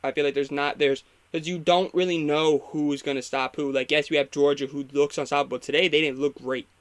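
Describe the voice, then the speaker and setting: A man's voice: on the high side, steady tone, brisk. A young man hosting a casual live football reaction, opinionated and rambling, getting fired up when he critiques the coaching. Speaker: sports talk host.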